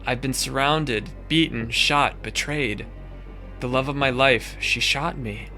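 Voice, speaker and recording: A man's voice: mid-range voice, takes it slowly, bright, forceful tone, faint music behind. A man reading the first-person narration of a wounded young woman heroine in a visual novel game, in a weary, shaken manner. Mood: pained.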